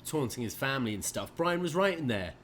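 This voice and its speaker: A man's voice: medium pitch, big pitch swings, fast talker, a bit bright. A man with a mid-range voice co-hosts a casual podcast. He speaks hesitantly, stammering and restarting, and laughs along. A faint noise sits under the recording. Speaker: podcast co-host. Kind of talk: casual chat.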